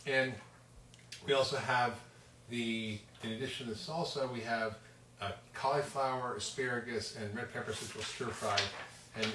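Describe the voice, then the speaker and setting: A chatty man talks his way through a recipe in his home kitchen, halting now and then with ums while he chops. He sits back from the mic, and the room rings around him. Loud clatter of knives, dishes and pans fills the background. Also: mid-range voice, heavy background noise. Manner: chatty, self-deprecating, halting with fillers. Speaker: cooking show host. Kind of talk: casual live cooking demonstration. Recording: roomy, distant kitchen sound with loud clatter. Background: cutlery, dishes and chopping clatter.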